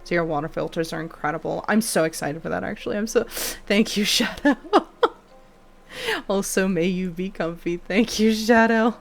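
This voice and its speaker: A woman's voice: on the low side, moderate pace, vocal fry. A young woman streaming live, chatting casually with viewers, swearing freely and thanking them by name.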